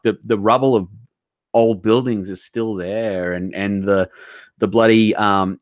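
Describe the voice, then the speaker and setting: A man's voice: fairly low pitch, no echo, studio quality. An Australian man from Queensland, an author telling stories in a casual conversation, earnest and heartfelt, rambling with many restarts and an occasional mild swear. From Southeast Queensland, Australia. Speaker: author guest.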